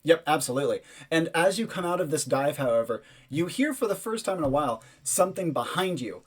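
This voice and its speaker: A man's voice: fairly high pitch, lively intonation, brisk, husky. A man running a tabletop game as game master, giving vivid, descriptive narration with casual fillers.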